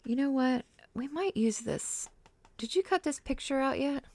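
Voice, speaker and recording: A woman's voice: high voice, animated, normal speed, darkish tone, slight background noise. A middle-aged woman hosting a crafting livestream, chatting casually and rambling with fillers as she works. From Ohio, US. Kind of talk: casual chat while crafting.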